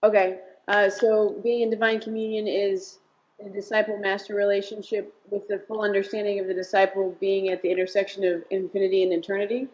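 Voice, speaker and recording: A woman's voice: mid-range voice, flat delivery, fairly quick, a little mellow. Hesitant woman on a dull, lo-fi line. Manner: hesitant, searching for words. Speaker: satsang participant answering.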